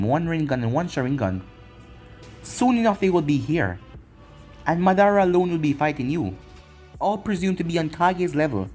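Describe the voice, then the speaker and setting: A man reading a fan-made anime story as narrator, plain and unhurried. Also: fairly high pitch, darkish tone.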